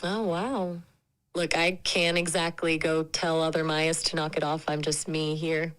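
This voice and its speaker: A woman's voice acting as an AI chat companion, upbeat and polite, quick to agree in casual chat. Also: low voice, little pitch movement, a bit bright, smooth.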